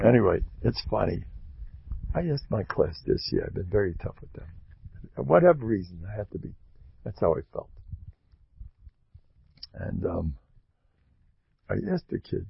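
A man's voice: lowish voice, normal speed, creaky, pauses often, breathy edge, highs cut off. A man giving an informal, joking Torah talk, acting out quotes. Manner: animated, joking, acts out quotes. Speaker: rebbe and speaker.

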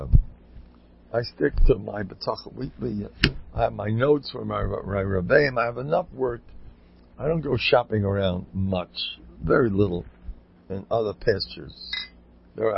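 An older man giving an informal, rambling Torah talk full of stories, repeating himself and breaking into loud, high-pitched exhortations. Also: gravelly, slight background noise. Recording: dull lo-fi recording.

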